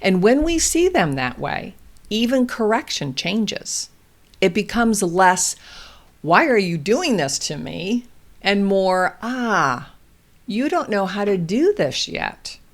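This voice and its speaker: A woman hosting a parenting show, explaining calmly and gently with example phrases for toddlers. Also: medium pitch, takes it slowly. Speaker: parenting podcast host. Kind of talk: calm instructional advice talk.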